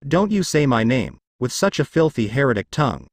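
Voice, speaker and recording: A man's voice: mid-range voice, sing-song, a little fast, dry recording, clean studio sound. A man voicing an exhausted young nun who answers with curt defiance. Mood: hostile.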